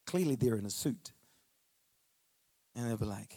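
A man's voice: mid-range voice, huge pitch swings, unhurried, pauses often, darkish tone. A man preaching a sermon. He tells stories in a chatty, conversational way and then builds to emphatic, declarative preaching. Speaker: pastor.

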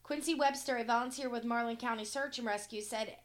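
Woman, fairly high voice, casual podcast chat, reading news stories aloud, small stumbles. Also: steady tone, fairly quick. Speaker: podcast co-host.

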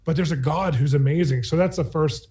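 Guy teaching about god, talks super fast, mellow voice, lots of likes. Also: a little high. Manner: fast, animated, chatty with filler "like". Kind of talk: teaching in a panel talk.

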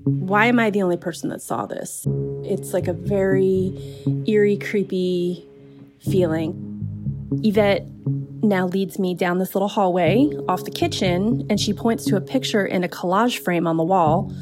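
A woman telling a true spooky story in the first person, in a relaxed, conversational way with casual fillers. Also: medium pitch, measured pace, music in the background.

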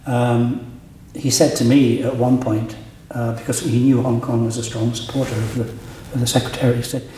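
An older man, a podcast guest and former trade diplomat, tells anecdotes in relaxed conversation with many fillers. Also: mid-range voice, moderate pace. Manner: relaxed storyteller with frequent fillers. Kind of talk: conversational interview, telling anecdotes. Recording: very roomy, echoey, faint background noise.

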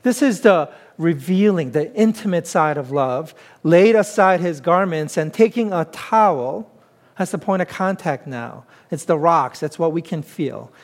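High-voiced man preaching conversationally. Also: a little slow. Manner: conversational, emphatic preaching with self-deprecating humor. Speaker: pastor. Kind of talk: sermon.

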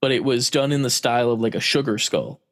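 A man's voice: medium pitch, quick pace. Laughing man telling a casual story. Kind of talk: casual chat.

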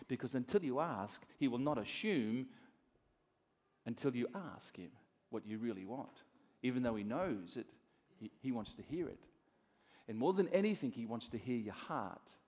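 A middle-aged man from Australia preaching a sermon as a pastor, swinging between soft asides and loud emphasis. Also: medium pitch, very animated, normal speed, breathy edge.

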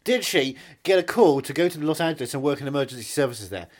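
A man's voice: fairly high pitch, animated, quick pace. A man co-hosting a casual comedy chat, joking and slipping into silly voices. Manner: playful, keeps breaking into silly voices and made-up songs. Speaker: podcast co-host.

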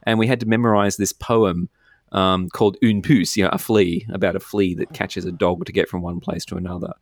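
Rambling Australian man, low voice. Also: fairly even intonation, brisk, no room sound. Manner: rambling, self-deprecating, laughing often. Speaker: philosopher guest. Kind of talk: casual chat.

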